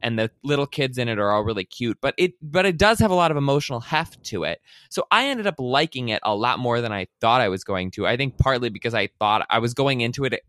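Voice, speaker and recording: A man's voice: medium pitch, expressive, quick pace, hardly any pauses, fairly bright tone, no echo. A man co-hosting a casual podcast chat, talking loosely and leaning on filler words. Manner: chatty, lots of "like" fillers. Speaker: podcast co-host.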